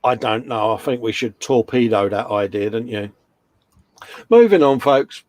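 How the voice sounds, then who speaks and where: A man's voice: lowish voice, steady tone, moderate pace, no echo. A middle-aged man hosting a casual live stream, chatting, reading viewer comments aloud and slipping in puns.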